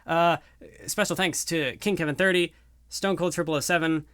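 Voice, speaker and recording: A man's voice: on the high side, fairly even intonation, moderate pace, fairly bright tone, clean tone, no room sound, clean studio sound. A young man rambling casually through a video outro at home, self-deprecating and full of fillers. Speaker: YouTuber. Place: room at home.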